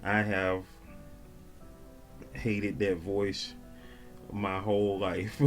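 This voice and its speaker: Brief: low-voiced man, laid-back slangy vlogger doing viewer shout-outs, faint music behind. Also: flat delivery, extremely slow. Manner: slangy and laid-back, peppered with "you dig". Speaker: vlogger reading viewer comments. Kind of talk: casual chat.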